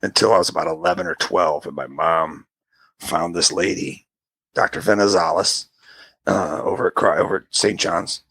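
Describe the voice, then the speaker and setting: Middle-aged man, gravelly and husky. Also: moderate pace, no echo. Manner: animated, acts out quotes in a high squeaky voice. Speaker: podcast co-host. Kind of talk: casual storytelling chat.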